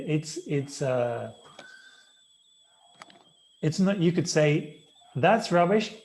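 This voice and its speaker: A man, slowly and patiently explaining slang words to a class. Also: on the high side, a little mellow. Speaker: guest English speaker.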